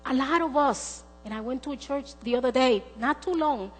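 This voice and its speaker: A woman's voice: high voice, moderate pace. A middle-aged woman preaching a sermon, earnest and storytelling, acting out the voices in her stories. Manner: earnest, storytelling with acted quotes. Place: church sanctuary. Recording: long church hall reverb with mains hum and faint music.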